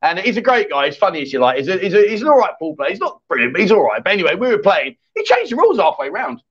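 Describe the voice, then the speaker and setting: A man with a notably high voice hosts a loose live chat show, reading viewer messages and teasing his co-host. His banter is cheeky and full of laughter. The stream audio sounds dull and lo-fi. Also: big pitch swings, quick pace.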